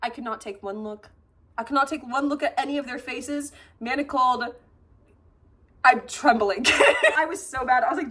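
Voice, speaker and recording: A woman in her twenties chatting excitedly in a vlog, gushing and swearing as she unboxes books. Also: sits high, normal speed, a little hiss or hum. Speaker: vlogger. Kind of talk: casual chat and book unboxing.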